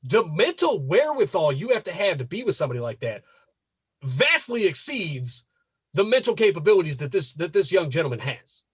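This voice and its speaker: A man with a high, breathy-edged voice that swoops up and down as he rants on a casual podcast. He hammers his points home with repetition and swearing. The sound is dry, with no room around it. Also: sing-song, brisk, no echo. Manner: emphatic, repetitive, profane. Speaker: podcast host.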